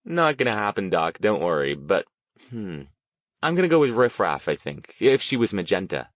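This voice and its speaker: A man's voice: on the low side, sing-song, normal speed, dry recording. A man voicing a cheeky young woman apprentice in her twenties, playful and teasing. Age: 20s.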